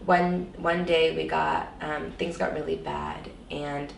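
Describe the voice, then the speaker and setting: A woman with a lowish, gravelly voice tells a painful personal story in an interview, pouring it out with lots of "like" and "you know". She sits back from the microphone in a roomy, echoing space. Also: level tone, takes it slowly, distant mic, a little hiss or hum. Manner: emotional, many fillers like "like" and "you know". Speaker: interview guest. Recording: echoey room, voice set back from the mic.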